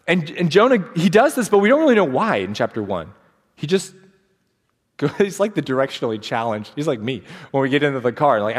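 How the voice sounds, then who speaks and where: A man's voice: fairly high pitch, very animated, fairly quick. A man preaching a sermon as pastor, storytelling with energy and acting out the quotes in changing voices. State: sleep deprived. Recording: long hall reverb.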